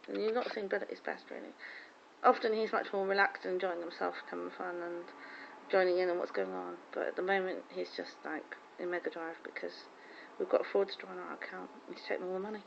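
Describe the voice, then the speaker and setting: Gravelly woman rambling on. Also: mid-range voice, flat delivery, brisk, a little hiss or hum. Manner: rambling, gossipy storytelling with many restarts. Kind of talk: casual chat. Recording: dull lo-fi recording.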